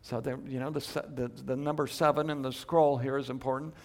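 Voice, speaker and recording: A man teaching a Bible study lecture, emphatic, moving between loud stresses and hushed asides, asking rhetorical questions and restarting his phrases as he thinks aloud. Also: mid-range voice, little pitch movement, fairly quick.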